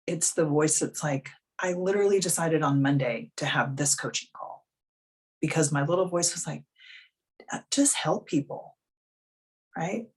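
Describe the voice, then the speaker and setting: A woman's voice: deep voice, normal speed, husky. A woman life coach hosting a live video coaching call, talking frankly and bluntly in a casual, chatty way.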